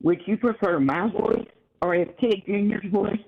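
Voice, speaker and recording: A man calling in to a radio talk show, with an unusually high, odd-sounding voice, talking in a cheerful, upbeat way. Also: moderate pace, gravelly. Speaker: caller. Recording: muffled phone line.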